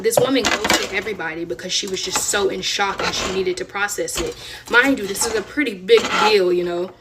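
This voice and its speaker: Young woman telling a story from afar. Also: medium pitch. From Florida, US. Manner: animated, chatty, dramatic asides. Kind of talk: casual storytelling. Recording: distant mic with audible noise.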